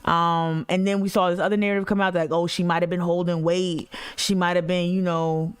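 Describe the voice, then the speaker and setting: Smooth-voiced woman livestreaming. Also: lowish voice, level tone, a little fast. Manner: blunt, emphatic, slangy, talks to chat. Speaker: activist livestream host. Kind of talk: casual livestream chat.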